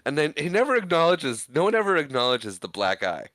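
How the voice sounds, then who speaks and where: A man's voice: on the high side, big pitch swings, a little fast, fairly bright tone, no echo. A man co-hosting a podcast, casually retelling a film's scenes and laughing often. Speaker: podcast co-host. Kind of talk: casual movie recap chat.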